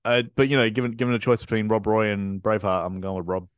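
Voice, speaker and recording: A man's voice: lowish voice, fast talker, clean tone, dry recording, studio quality. A man hosting a podcast, chatting casually about a film in a rambling way with frequent laughs. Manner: rambling, laughs often, lots of fillers and likes. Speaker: podcast host. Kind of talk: casual chat.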